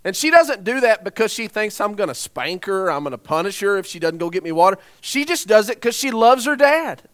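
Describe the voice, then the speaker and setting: A man in his thirties or forties delivers a sermon with a fairly high voice. He talks in a conversational way, often turning to the congregation with rhetorical questions. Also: big pitch swings, brisk, fairly bright tone. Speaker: preacher.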